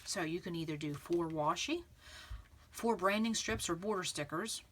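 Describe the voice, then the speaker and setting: A woman's voice: fairly low pitch, moderate pace, fairly bright tone, slight background noise. A woman hosting a scrapbooking tutorial, talking casually and encouragingly to her viewers, often saying "okay" and "again.". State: clearing throat from pollen. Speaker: scrapbooking channel host.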